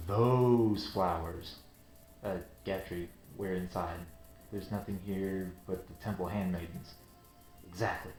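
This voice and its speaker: A lecherous young male soldier, boastful and leering, as a man voices him. He drags out his suggestive lines. An echoey room carries soft game music behind. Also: sits low, voice pushed down.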